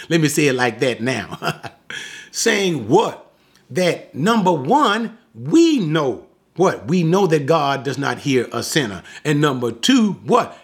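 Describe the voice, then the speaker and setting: Man teaching bible study, slow and emphatic, lots of ups and downs, keeps asking you got it. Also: high-pitched, a bit bright. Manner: emphatic, repeats points, asks rhetorical questions.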